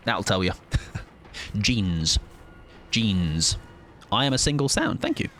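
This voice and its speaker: A man's voice: on the low side, animated, slow, fairly bright tone, a little hiss or hum. A man in his late twenties, streaming a game live and chatting with his viewers in a playful, argumentative way, repeating words to test them out. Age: late 20s. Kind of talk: casual live-stream chat.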